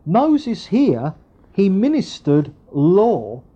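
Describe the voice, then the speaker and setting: A man preaches in a relaxed, conversational way, often checking in with his listeners through tag questions. His voice is warm and mellow and swings widely in pitch. The recording sounds dull and lo-fi. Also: extremely slow. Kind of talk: sermon with Bible reading.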